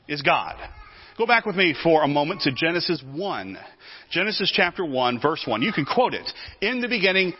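Animated man preaching a teaching sermon. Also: on the high side, slightly rough, highs cut off. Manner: animated, repeats words while teaching.

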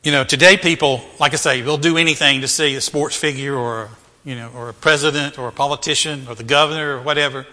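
A man's voice: mid-range voice, fairly even intonation, fast, pushed and bright. Preaching man in a reverberant hall. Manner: rhetorical questions, repeats phrases for emphasis. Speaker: pastor. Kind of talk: sermon.

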